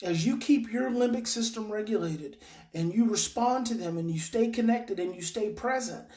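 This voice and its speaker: A woman's voice: mid-range voice, moderate pace, dark tone. Emphatic woman teaching in a roomy space. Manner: emphatic, repeats key phrases. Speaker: parenting educator. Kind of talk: informal teaching talk. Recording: roomy echo.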